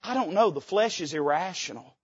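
Preacher doing thomas, shaken doubter, quiet husky brooding. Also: male voice, sits high, expressive, brisk, dry recording, highs cut off.

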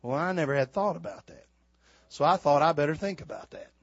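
An older man preaching a sermon, swinging from shouted exhortation to quiet, folksy storytelling. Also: on the high side, brisk, dry recording, dull audio. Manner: fiery preaching, builds to shouts then drops to quiet storytelling.

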